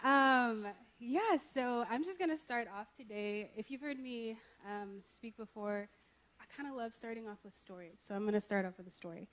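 A woman's voice: fairly high pitch, moderate pace, fairly bright tone. Young woman preaching at church, chatty and loose, lots of "um" and "like". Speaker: guest preacher. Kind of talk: casual storytelling sermon. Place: church service.

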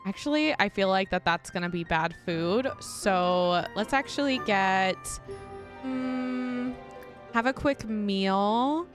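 A young woman, a gaming YouTuber, gives casual let's-play commentary while playing a life-sim game, giggly and talkative with her viewers. Her medium-pitched voice moves slowly over music.

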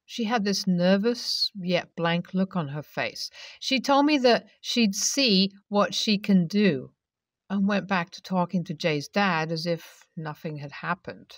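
A woman narrating a first-person story aloud at a steady reading pace. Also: lowish voice, no room sound, studio quality, distant mic.

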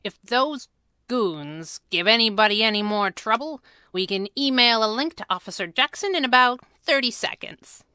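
A woman's voice: fairly high pitch, lively intonation, moderate pace, pushed and bright, clear, resonant tone, dry recording, clean studio sound, pitched above the performer's own voice. A woman voicing a timid, eager young boy sidekick who speaks sheepishly and hesitantly.

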